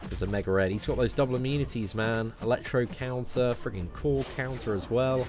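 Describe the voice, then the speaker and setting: Young British male streamer, casual and rambling, medium pitch, faint background music. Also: brisk. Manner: relaxed, chatty, frequent "man" and restarts. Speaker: gaming streamer answering viewer questions. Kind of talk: casual live-stream chat.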